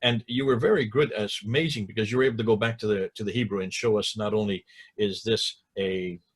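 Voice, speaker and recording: A man's voice: lowish voice, fast talker, husky. A male host on a video call who eagerly recaps the last episode before handing over to his guest. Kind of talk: interview talk.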